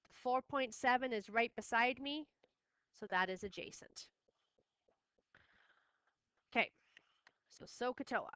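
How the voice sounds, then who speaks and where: Firm, bright-voiced woman math teacher. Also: a little high, a little slow, pauses often, clear, resonant tone, no room sound. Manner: firm, repeats key steps. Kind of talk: classroom lesson recording.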